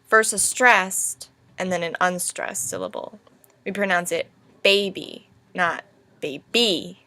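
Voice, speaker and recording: A young woman teaching a recorded lesson over slides, speaking slowly and deliberately as she spells out each stress. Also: lowish voice, creaky, pushed and bright.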